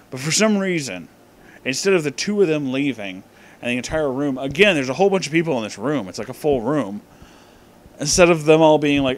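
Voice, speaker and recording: A man's voice: medium pitch, expressive, fairly quick, slight background noise. A drunk man rambling through a profane, meandering movie commentary, often losing his place, recorded in his office. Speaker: movie reviewer.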